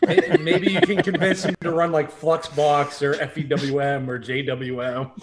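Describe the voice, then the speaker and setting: A man's voice: on the high side, level tone, normal speed, crowd noise. Joking man in an echoey room. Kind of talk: casual group chat on a video call.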